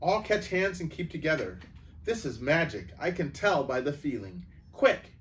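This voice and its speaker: A man voicing a quick, commanding schoolboy in a storybook reading, brisk and urgent. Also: fairly high pitch, big pitch swings, a bit bright, voice pushed up. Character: quick bossy younger schoolboy. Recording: distant mic, faint background noise.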